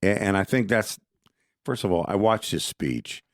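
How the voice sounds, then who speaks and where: A deep-voiced man co-hosts a podcast, discussing politics in a conversational, strongly opinionated way and frequently restarting his sentences. He sounds animated at a moderate pace, and the studio-quality recording has no room sound.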